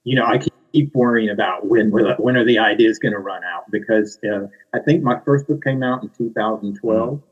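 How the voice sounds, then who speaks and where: A man's voice: on the low side, brisk, few pauses, breathy edge, phone-quality sound. A middle-aged man with a Southern US accent, a children's book author answering interview questions in a modest, self-deprecating way.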